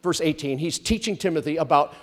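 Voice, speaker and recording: A man preaching a sermon, stretching out words for emphasis and drawing responses from the congregation. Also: on the high side. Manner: animated, drawn-out emphatic preaching with call-and-response. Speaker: pastor.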